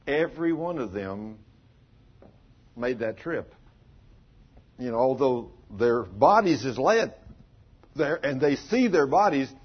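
A man preaching a sermon as a pastor, telling stories in a folksy way with dramatic pauses. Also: medium pitch, slightly rough. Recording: dull lo-fi recording.

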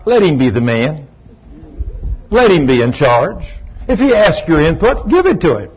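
Husky older man preaching folksy. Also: on the high side, sing-song, normal speed. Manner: folksy joking storytelling. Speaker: pastor. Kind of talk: sermon. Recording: dull lo-fi recording.

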